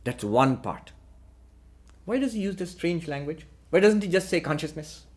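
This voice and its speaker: A man, a spiritual teacher, giving a deliberate philosophical lecture and posing rhetorical questions. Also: a little high, expressive.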